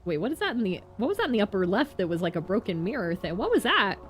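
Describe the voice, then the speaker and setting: A woman's voice: mid-range voice, fast, a little hiss or hum. A woman streamer chatting playfully while she plays a game. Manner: playful, animated. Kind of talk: casual gameplay commentary. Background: faint game music.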